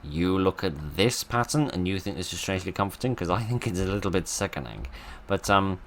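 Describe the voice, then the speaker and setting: Deep, gravelly man joking through a game. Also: lively intonation, brisk, slight background noise. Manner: wry, sarcastic asides to the game. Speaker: let's play host. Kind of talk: casual gameplay commentary.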